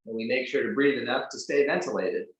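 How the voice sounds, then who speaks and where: A man chats freely as a podcast guest, swearing often and peppering his sentences with filler words. His voice sits at an ordinary pitch. It rings out through a strongly echoing room. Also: fast talker, heavy background noise. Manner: loose and profane, heavy use of "like". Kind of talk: casual conversation. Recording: very echoey room.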